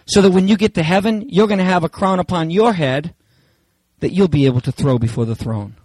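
A male pastor delivers a sermon with fervor. His voice sits a little high and leaps into shouted exclamations, then drops to quiet, intimate asides. The recording is dry and close. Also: brisk, no echo, low-quality recording. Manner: impassioned preaching with sudden shouts and hushed asides.

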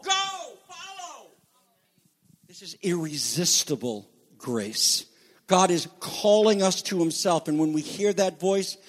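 A man preaching a sermon as pastor, emphatic, swinging between loud declarations and quiet asides. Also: high voice. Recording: long reverb of a large hall.

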